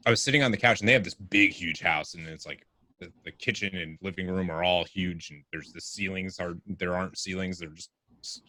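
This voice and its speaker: Man, podcast guest, low-ish voice, bright tone, dry close mic, rambling casual chat. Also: brisk, no echo. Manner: rambling, lots of "like" fillers.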